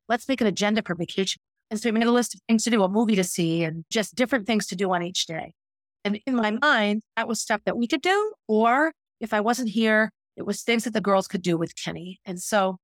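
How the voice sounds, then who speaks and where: A woman's voice: medium pitch, no room sound, clean studio sound. A middle-aged woman hosting a podcast, telling a personal story in a candid, reflective, self-critical way. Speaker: podcast host.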